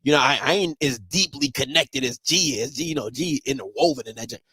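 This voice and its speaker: A man hosting a live sports talk show, ranting in a casual and profane way, dropping to low mutters and then rising to shouts. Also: a little fast, husky, no room sound.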